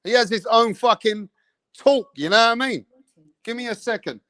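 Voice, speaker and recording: Man, boxing stream host, high voice, dry close mic, slangy, streetwise live commentary. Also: moderate pace, fairly bright tone, dry recording. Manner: streetwise, slang-heavy, keeps saying bro and bruv. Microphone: streaming setup mic.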